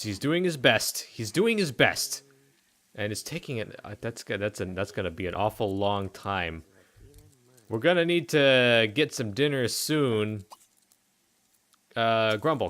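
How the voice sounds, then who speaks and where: A man's voice: on the low side, a bit bright. A man giving joking, rambling commentary on a life-sim game, talking to the characters. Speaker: let's play host. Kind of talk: casual gameplay commentary.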